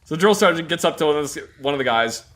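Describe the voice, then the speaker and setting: Man, veteran, casual storyteller; bright, bouncy delivery, laughs through his stories. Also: on the high side, fast talker. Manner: animated, laughs often mid-story.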